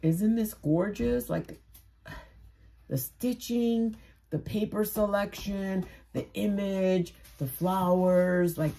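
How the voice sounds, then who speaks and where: A woman vlogging as she unboxes craft mail, gushing and exclaiming, repeating herself, and swinging from soft murmurs to loud squeals. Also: mid-range voice, slow. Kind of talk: casual unboxing chat to camera.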